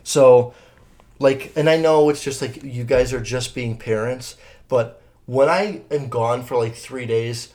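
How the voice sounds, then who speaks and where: A man's voice: medium pitch, measured pace, darkish tone. A young man hosting a solo podcast from a room at home, rambling casually, swearing freely and correcting himself as he goes. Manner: rambling, profane, self-correcting. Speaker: podcast host. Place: home room, partly soundproofed.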